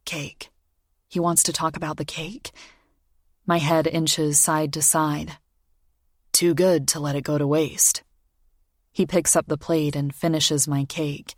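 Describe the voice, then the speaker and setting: A low-voiced woman reads a romance audiobook in a measured, intimate first person. Her delivery is steady and quiet. The recording is dry and close, with no room sound. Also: no echo. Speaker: audiobook narrator. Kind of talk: scripted narration.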